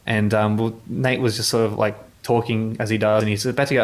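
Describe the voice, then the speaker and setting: Man, journalist, casual interview anecdote, rambling, fairly low voice. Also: little pitch movement, brisk. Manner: rambling, full of "like" and restarts. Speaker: motorsport journalist.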